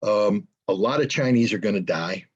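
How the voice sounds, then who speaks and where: Blunt, sarcastic older man, husky. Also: on the low side, normal speed, muffled recording. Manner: blunt, sarcastic, many ums and restarts. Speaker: interview guest. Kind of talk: political commentary interview.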